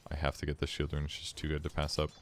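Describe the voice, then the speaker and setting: A man giving casual replay commentary on his own game, relaxed and self-critical as he explains his choices. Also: extremely low pitch, rapid-fire, background noise.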